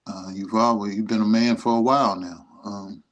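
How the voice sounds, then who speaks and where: A man's voice: fairly low pitch, fairly even intonation, normal speed. A middle-aged man giving an emotional, rambling message to his son, speaking tenderly and proudly. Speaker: vlogger. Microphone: streaming setup.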